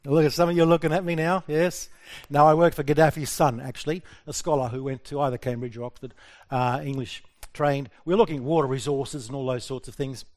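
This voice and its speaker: A middle-aged Australian man giving a humorous personal talk to an audience, lively and self-deprecating, often asking the crowd questions. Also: on the high side, brisk. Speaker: speaker addressing an audience.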